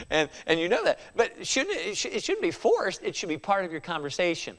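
Male preacher, conversational sermon, high and very expressive voice. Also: a little fast, long pauses, in a large hall. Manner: animated, conversational, with frequent chuckles and rhetorical asides.

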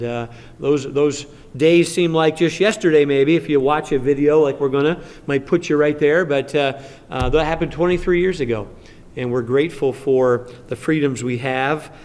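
A man's voice: on the high side, a little mellow. A man preaching a sermon in a conversational manner, rising to fervent emphasis when he reads Scripture. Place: church sanctuary. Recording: long church reverb.

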